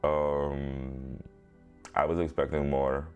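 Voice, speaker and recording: A young man with a strikingly low, deep voice rambles through a casual podcast story. He talks in loose slang, drops "bro" every few words and swears without a second thought. Soft music plays faintly underneath. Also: flat delivery, slow, clear, resonant tone. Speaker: podcast host.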